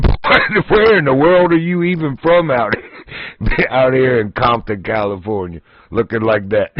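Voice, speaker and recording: A man's voice: mid-range voice, no room sound. Folksy man telling stories. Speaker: livestream host. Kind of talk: casual storytelling. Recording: dull, dry lo-fi stream audio.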